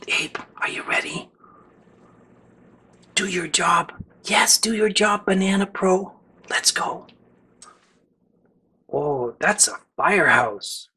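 A woman reading a picture book aloud to young children, gasping with excitement and talking straight to her listeners. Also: lowish voice, husky. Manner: excited gasps, talks directly to the children. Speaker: children's storyteller.

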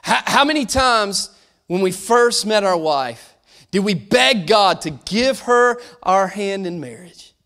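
A man preaching a sermon as pastor, lively and animated, shouting at peaks and dropping to a hush, often restarting phrases and acting out voices. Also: sits high, slow.

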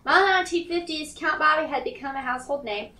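High-voiced woman reading snack notes. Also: pushed and bright, echoey room, low-quality recording. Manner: reads aloud haltingly, stops to interrupt herself. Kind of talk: casual family taste-test chat.

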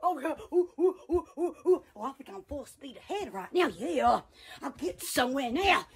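A woman's voice: high voice, sing-song, normal speed, shouting. A woman vlogging in a rambling, casual way, giggling and exclaiming often. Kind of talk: rambling casual vlog chat.

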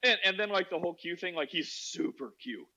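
A man's voice: high-pitched, a little fast, gravelly, sharp tone. A man casually telling a long anecdote on a podcast, rambling and filling his talk with "like". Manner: rambling, heavy use of "like" fillers. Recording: dull lo-fi audio.

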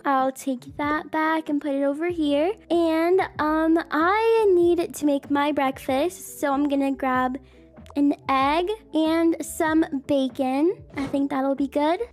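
A woman narrating a toy roleplay as a busy single mom, chatty and unhurried. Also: high-pitched, steady tone, darkish tone.

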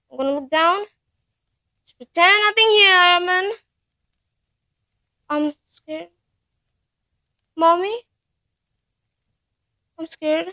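High-voiced woman, panicky swearing gamer. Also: sing-song, slow, pauses often, bright, forceful tone, dry recording, clean studio sound. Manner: panicky, swears a lot, talks to viewers. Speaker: gaming channel host. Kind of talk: horror game playthrough commentary.

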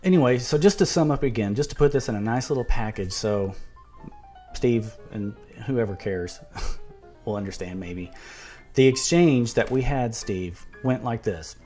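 A man's voice: medium pitch, unhurried, dark tone, faint music behind. A man in an argumentative video monologue who reads quotes aloud, restarts words and turns sarcastic. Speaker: video commentator.

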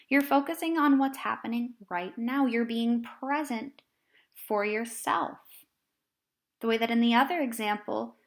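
A woman teacher explaining a lesson to children in a lively, animated way. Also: a little high. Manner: animated, acts out examples in different voices.

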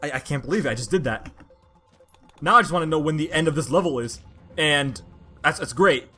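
A woman giving casual commentary over a platformer, talking to herself in frustration and bursting into loud complaints. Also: low voice, expressive, fairly quick, slightly rough, soft background music. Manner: exasperated, frustrated self-talk that bursts into loud outbursts. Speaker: let's play gamer.

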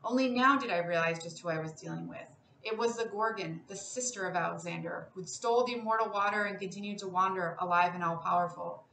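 A woman reads a literary story aloud in a measured, expressive way, her voice bright and clear. The sound is roomy, a little distant from the mic, with a faint hiss behind. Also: on the low side. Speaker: classics professor reading aloud. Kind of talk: literary reading.

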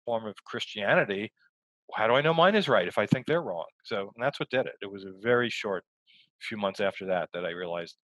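A man, a guest, telling stories in a rambling, quick conversational way over a video call. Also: on the low side, animated, a bit bright, no room sound, rough recording. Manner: rambling, quick storytelling with restarts. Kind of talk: casual conversation.

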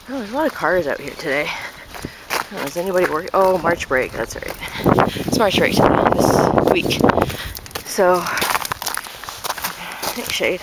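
Breathless woman chatting on a walk. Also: fairly low pitch. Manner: rambling, chatty, many fillers. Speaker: vlogger walking her dog. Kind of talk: casual walk-and-talk vlog. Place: outdoors in a neighborhood park. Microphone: handheld camera while walking. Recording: noisy outdoor camera audio. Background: outdoor noise.

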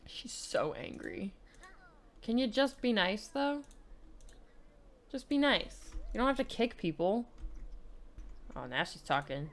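A woman's voice: medium pitch, very animated, slow, pauses often, a little hiss or hum. A young woman giving casual let's play commentary, playfully bossing around the characters in her game. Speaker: gaming YouTuber.

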